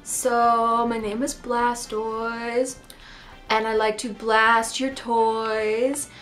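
A woman voicing a boastful turtle creature in a slow drawl. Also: on the high side, flat delivery, a bit bright, soft background music.

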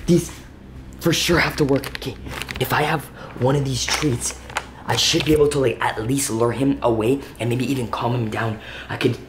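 A man hosting an excited challenge vlog, talking to his viewers in a jittery, dramatic way and often dropping to a hushed whisper. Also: mid-range voice, moderate pace, roomy sound, background noise. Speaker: YouTube host.

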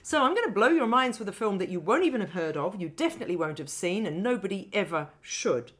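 A woman's voice: medium pitch, quick pace. A woman co-hosting a film podcast, chatting casually about films and laughing often as she talks. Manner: animated, laughs often while talking. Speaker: podcast co-host and film critic. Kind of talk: casual film review chat.

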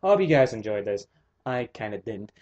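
Excitable young man narrating gameplay. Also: fairly low pitch, moderate pace, highs cut off. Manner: excitable, swearing, jokey outbursts. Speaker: gaming commentator. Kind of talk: casual gameplay commentary.

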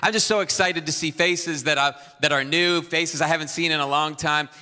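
Energetic pastor in a bright, reverberant hall. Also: male voice, fairly high pitch, normal speed, smooth. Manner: energetic, exhorting the crowd. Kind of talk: sermon announcements. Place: church auditorium. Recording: long reverb in a large hall.

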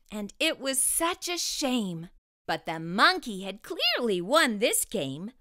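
A woman reading a rhyming children's picture book aloud, slow and expressive. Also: on the high side, no echo, clean studio sound. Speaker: storyteller. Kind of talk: children's storybook read-aloud.

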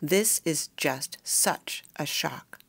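Woman reading a distraught mom on the phone, low gravelly voice, firing off questions. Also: moderate pace, no echo. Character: shocked middle-aged mother on the phone.

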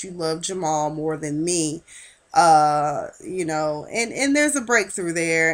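Sassy woman vlogger, mid-pitched, chatty recap, acts out lines. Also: a bit bright. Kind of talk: casual episode recap.

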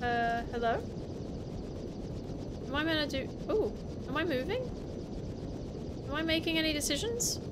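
This gaming YouTuber's voice sits high, and she speaks unhurriedly with long pauses while playing a video game. Her let's-play commentary is chatty, thought-out-loud, and playfully profane, over game music and heavy background noise.

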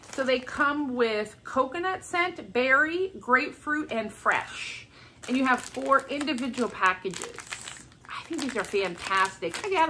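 A woman's voice: high voice, sharp tone, a little hiss or hum. A woman chatting casually at home about her shopping haul, rambling and upbeat. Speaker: haul vlogger. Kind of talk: casual chat. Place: home with a bay window.

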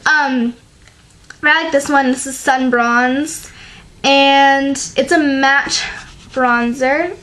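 Young female beauty vlogger with a high voice, rambling and chatty, lots of ums and likes, recorded on a camera mic in her room. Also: steady tone, extremely slow, a bit bright. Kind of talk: casual product review. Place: her bedroom. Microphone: built-in camera mic.

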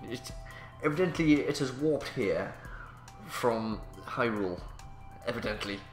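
A man's voice: mid-range voice, lively intonation, measured pace, reverberant, soft background music. A man casually commentating a game, playful and jokey, swearing and reacting as he plays. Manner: playful, jokey, swears, does silly voices. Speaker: let's play host.

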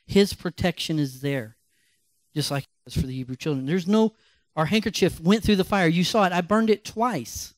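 A male pastor telling a Bible story as a sermon, animated and emphatic. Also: a little high, no echo.

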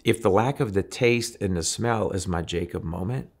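Interview guest: lowish, gravelly man from New Orleans, lively storyteller who acts out voices. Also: normal speed. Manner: animated storyteller, acts out voices in his anecdotes. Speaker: guest musician.

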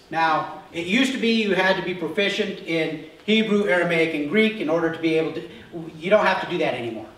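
High-voiced pastor in an echoey church. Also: male voice, fairly bright tone. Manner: conversational, asks the congregation questions. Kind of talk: sermon. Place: church sanctuary. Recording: echoey church hall miked from far off.

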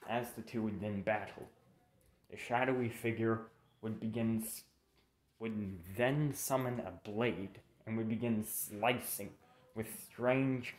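A young man casually narrating a fan story, rambling and correcting himself with informal asides. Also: fairly low pitch. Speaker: channel narrator.

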